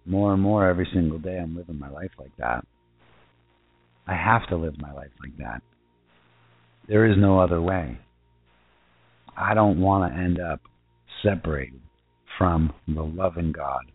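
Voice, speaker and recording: A man preaching an informal sermon in earnest, asking rhetorical questions and repeating himself, and reading scripture slowly. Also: deep voice, husky, no room sound. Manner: slow deliberate scripture reading. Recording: tinny phone-like sound with faint music.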